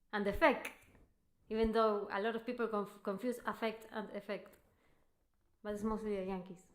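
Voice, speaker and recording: A woman's voice: medium pitch, little pitch movement, unhurried, pauses often. A woman musician chatting casually on a livestream between practice takes, rambling into joking rants. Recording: roomy echo.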